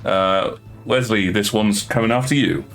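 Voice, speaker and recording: Low-voiced man running a tabletop game. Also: unhurried, fairly bright tone, faint music behind. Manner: hesitant, many fillers and restarts. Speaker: dungeon master.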